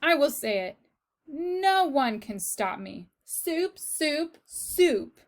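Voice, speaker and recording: A woman reading aloud puts on a ferocious, mouse-hating castle cook from a storybook. She bellows and wails, loud and worked up, in a fairly high voice at a slow, heavy pace. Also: big pitch swings, heavily acted. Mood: wailing. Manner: shouting, wailing, bellowing. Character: fierce loud middle-aged female castle cook.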